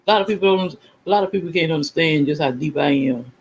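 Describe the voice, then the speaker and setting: Man host, fairly high voice, loose rambling chat with faint hiss behind, sure of himself. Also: quick pace, creaky, poor audio. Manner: rambling, emphatic, self-assured, repeats himself. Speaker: channel host. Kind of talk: casual livestream talk.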